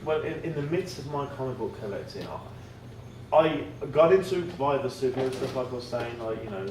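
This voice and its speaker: An Englishman rambles through anecdotes, laughing often and swearing freely. His voice sits back from the mic in an echoey room, with clear noise underneath. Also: mid-range voice, lively intonation, a little fast, darkish tone, recorded from a distance. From England. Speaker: guest, comic writer. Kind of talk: casual storytelling chat. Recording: roomy, off-mic, noisy podcast.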